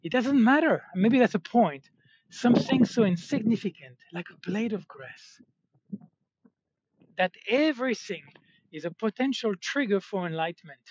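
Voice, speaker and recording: A man's voice: sits high, animated, normal speed, a little hiss or hum. A man talking in a rambling, casual monologue, full of fillers and self-corrections. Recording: dull, slightly muffled, dry sound.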